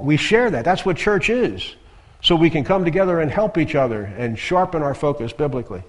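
Man preaching in a reverberant church. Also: mid-range voice. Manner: conversational, emphatic, repeats phrases. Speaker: guest preacher. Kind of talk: sermon. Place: church sanctuary. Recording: long hall reverb.

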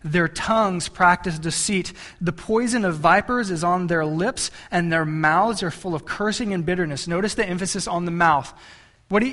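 A male pastor with a high, fairly bright voice preaches a sermon like he's telling a story in conversation. He frequently restarts, repeats words, and makes asides to the congregation.

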